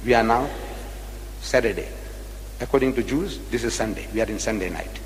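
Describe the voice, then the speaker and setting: A man's voice: medium pitch, fairly quick, slight background noise. Male lecturer, rhetorical and repetitive, echoing hall sound. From South Africa. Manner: rhetorical, repeats phrases, questions the audience. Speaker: religious lecturer. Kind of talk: public religious debate lecture.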